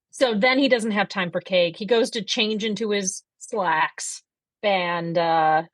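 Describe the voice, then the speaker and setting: A woman's voice: medium pitch, dry recording. A woman co-hosting a podcast, recapping a TV episode in casual chat, acting out the characters' lines and swearing for emphasis. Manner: animated storytelling, quotes characters, swears for emphasis. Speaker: podcast co-host.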